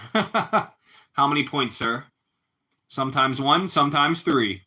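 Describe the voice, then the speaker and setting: A man's voice: mid-range voice, lively intonation, slow pace, bright, forceful tone, breathy edge. A man chatting casually with his livestream viewers in a laid-back way, laughing often and ending lines with "bro" and "man.".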